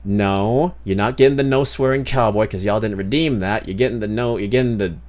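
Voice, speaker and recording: A man's voice: lowish voice, fairly quick, darkish tone. A man streaming, chatting casually with viewers in a rambling way, swearing freely. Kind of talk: casual livestream chat.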